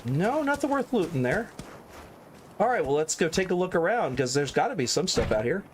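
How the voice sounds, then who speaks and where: A man's voice: high voice, sing-song, a little fast, background noise. A man streaming a video game and chatting playfully with viewers as he plays. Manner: chatty, playful, sing-song asides. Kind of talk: casual gameplay commentary.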